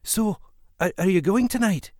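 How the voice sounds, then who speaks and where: A man voicing a twelve-year-old orphan girl in a storybook reading, eager and kind, with a breathy, hushed manner. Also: a little high, sing-song, normal speed, no room sound, clean studio sound, voice pushed up.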